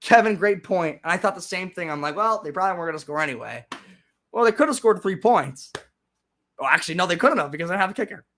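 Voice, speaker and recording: A young man hosting a live stream, chatting casually and sarcastically, with frequent restarts and sudden loud rants. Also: high voice, lively intonation, fast talker, a little hiss or hum. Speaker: livestream host.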